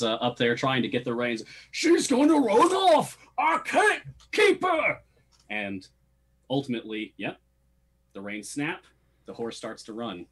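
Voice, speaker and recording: A man running a tabletop game as game master, with a slightly husky voice. He narrates loosely and easily, and his pitch moves around a lot as he tells the scene.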